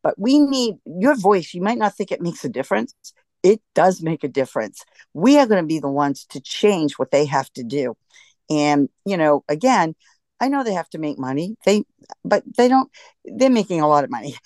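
Casting note: low-pitched woman, impassioned interview guest, dry close sound. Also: big pitch swings, normal speed, darkish tone, dry recording. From United States. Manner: frustrated, emphatic, restarts often. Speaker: guest, scuba diver.

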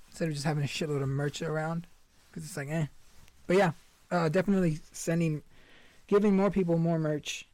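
A man's voice: fairly high pitch, fairly quick, a little mellow, no echo. A young man hosting a podcast, chatting casually in a rambling, laid-back way and swearing a lot. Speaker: podcast host. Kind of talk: casual chat.

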